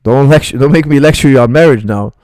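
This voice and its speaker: A man's voice: mid-range voice, fast, darkish tone, no room sound, studio quality. A middle-aged man, a martial arts coach, bluntly rambling through viewer questions on a live stream.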